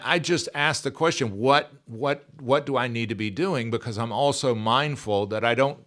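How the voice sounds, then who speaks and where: A man's voice: mid-range voice, normal speed, hardly any pauses, a bit bright. A man in his sixties, speaking as a podcast guest in an earnest, emphatic way and repeating his key phrases. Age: 60s. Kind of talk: conversational interview.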